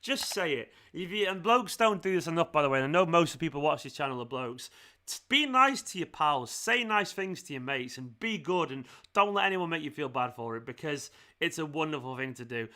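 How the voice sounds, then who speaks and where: A young man hosting a fan live stream, excitable and emphatic, repeating himself often. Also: on the high side, brisk. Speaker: fan channel host.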